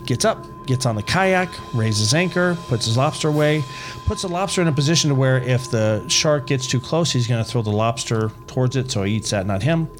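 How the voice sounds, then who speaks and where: A man tells a story in an animated, swearing way while he chats casually with friends. Music plays behind his voice. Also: mid-range voice, a little fast. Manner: animated retelling with profanity. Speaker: podcast co-host.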